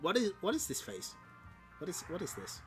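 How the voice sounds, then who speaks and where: Playful streamer reading comics aloud, lively pitch. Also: moderate pace, soft background music. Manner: playful, chuckling asides between read panels. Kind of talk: casual comic read-along with commentary.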